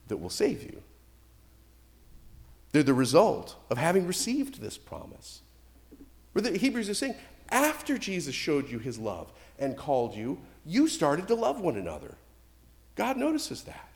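Lively male preacher in a reverberant hall. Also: sits high, moderate pace, creaky, pauses often. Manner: animated, emphatic preaching with swings in loudness. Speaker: pastor. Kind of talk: sermon.

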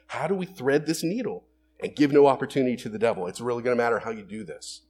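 A man preaching a sermon in a conversational, animated way, asking rhetorical questions and acting out everyday quotes. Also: medium pitch, fast, a little hiss or hum. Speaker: pastor.

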